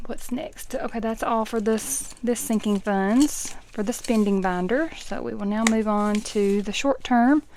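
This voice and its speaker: Woman, middle-aged, casual chat, counts bills aloud, chatty asides, soft whispered counting. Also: mid-range voice, a little slow, few pauses, slight background noise. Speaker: budgeting vlogger.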